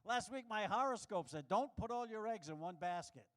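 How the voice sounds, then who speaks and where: Brash high-voiced male stand-up comic. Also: expressive, moderate pace, a bit bright. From New York. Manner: brash, self-mocking punchline delivery. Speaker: stand-up comedian. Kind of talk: stand-up comedy set. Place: live comedy showroom with audience.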